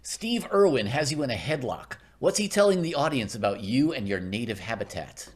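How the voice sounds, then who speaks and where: A man's voice: medium pitch, very animated, fairly quick. A man hosting a casual interview, wry and joking. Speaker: host.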